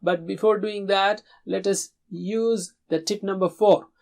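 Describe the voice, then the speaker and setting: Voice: mid-range voice, steady tone, creaky, darkish tone. A Quran recitation teacher leading a pronunciation drill, modelling syllables and words for students to repeat and correcting common mistakes patiently. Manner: models syllables slowly for repetition.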